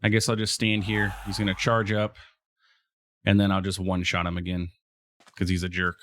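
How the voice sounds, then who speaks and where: This let's play host has a deep, slightly bright voice and a totally flat delivery at normal speed. He casually narrates his gameplay, chatting with the on-screen mobs and drifting into fillers and restarts.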